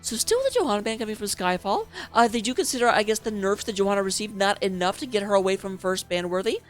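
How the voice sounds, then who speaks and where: A woman's voice: medium pitch, lively intonation, quick pace, soft background music. A woman casting a live esports match as its host, chatty and playful, joking between the picks. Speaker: esports caster.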